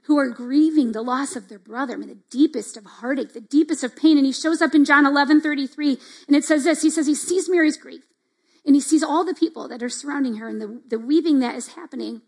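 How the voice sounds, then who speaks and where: High-voiced woman giving a chatty devotional talk. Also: fast talker, a little mellow. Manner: conversational, fillers like "like" and "right?"; acts out quoted reactions. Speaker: church speaker.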